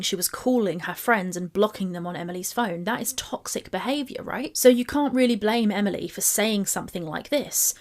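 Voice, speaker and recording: Woman, mid-pitched, blunt sweary reaction commentator reading messages aloud.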